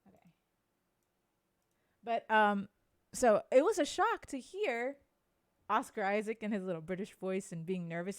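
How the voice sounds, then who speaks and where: A woman chats casually as a podcast co-host, gushing with enthusiasm. Her voice sits at a middling pitch. The recording is close and dry, with no room echo. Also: lively intonation, measured pace, pauses often. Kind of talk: casual chat.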